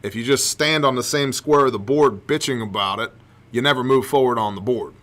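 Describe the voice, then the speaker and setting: A man's voice: mid-range voice, a little fast, fairly bright tone. A man hosting a podcast, giving impassioned faith-based commentary full of rhetorical questions and emphatic repetition. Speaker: podcast host.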